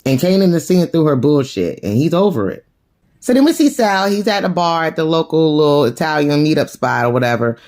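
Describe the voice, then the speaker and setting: A woman recapping a TV episode in loose, slangy talk, with plenty of swearing. She tells it with lively energy and keeps slipping into the characters' voices to play them out. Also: deep voice, a little fast. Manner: animated, profane, slangy storytelling; acts out characters' lines in shifting voices. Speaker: TV episode reviewer.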